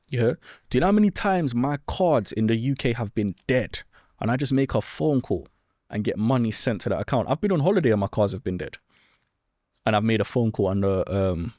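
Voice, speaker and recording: A young man talks straight into the mic, blunt and lecturing, as he hands out advice on his own podcast. His voice sits at an ordinary middle pitch, and the sound is close and dry with no room around it. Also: darkish tone, no echo. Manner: blunt, lecturing, keeps asking "do you understand?". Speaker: podcast host. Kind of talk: solo advice monologue.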